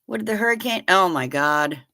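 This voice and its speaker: Bright-voiced woman chatting on a livestream. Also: on the low side, animated, a little fast. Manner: folksy, chatty, calls viewers honey and baby; hums and sings little doo-doo fillers. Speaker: livestream host. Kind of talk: casual chat reading viewer comments.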